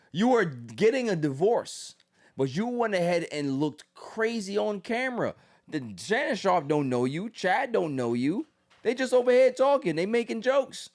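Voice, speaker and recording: A male podcast host rants in casual commentary, loud and mocking, and slips into quick impressions. His voice sits fairly high for a man and swings widely in pitch as he talks.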